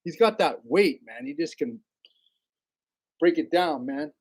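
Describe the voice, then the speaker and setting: A man's voice: fairly high pitch, expressive, unhurried, husky. Laid-back man chatting on a livestream. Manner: laid-back, rambling, greets viewers by name, laughs often. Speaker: livestream host. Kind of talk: casual livestream chat.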